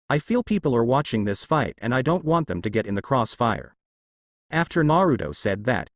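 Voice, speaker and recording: Animated male fan-fiction narrator. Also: medium pitch, dry recording, clean studio sound. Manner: reads every character in the same voice. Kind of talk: fan fiction read-aloud.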